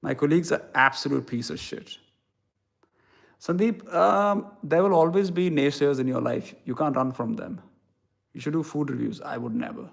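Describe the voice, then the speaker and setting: A man's voice: fairly high pitch, moderate pace, gravelly. A young man with an Indian English accent, casually chatting with viewers and answering their questions in a blunt, irreverent way that includes casual swearing. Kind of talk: casual live-stream chat.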